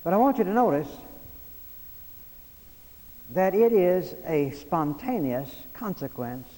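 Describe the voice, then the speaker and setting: A man preaches a sermon from the pulpit, his voice sitting a little high. He drives his points home by repeating key phrases. The sound rings with the long reverb of a church hall. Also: sing-song, slow, mellow. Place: church sanctuary.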